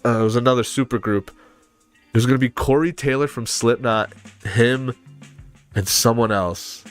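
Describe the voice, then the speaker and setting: A man's voice: medium pitch, fairly even intonation, normal speed. A man in a casual chat about music, rambling with lots of fillers and humming riffs aloud. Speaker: podcast panelist.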